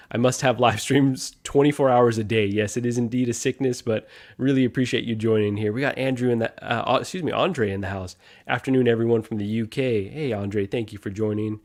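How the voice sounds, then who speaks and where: A man's voice: fairly low pitch, darkish tone. Upbeat man hosting a live stream. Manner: upbeat, greeting viewers one by one. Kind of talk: casual live stream chat.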